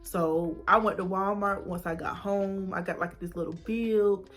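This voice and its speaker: A woman's voice: medium pitch, steady tone, unhurried, faint music behind. A young woman telling a personal story to camera, acting out her past reactions with whispers and gasps. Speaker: vlogger.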